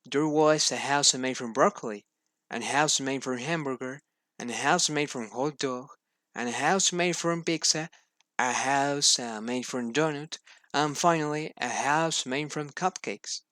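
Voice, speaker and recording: A man's voice: medium pitch, unhurried, bright, forceful tone, dry recording. A student, a man, reading a children's storybook aloud for class, hesitant, with many fillers and restarts.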